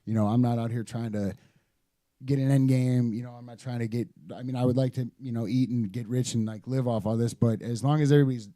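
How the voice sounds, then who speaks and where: A man guesting on a casual podcast, talking in a loose, rambling way full of fillers. His voice is very dark and mellow. The sound is dry and close, with little room in it. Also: mid-range voice, steady tone, quick pace, no room sound. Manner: laid-back, rambling, lots of fillers. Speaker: guest designer.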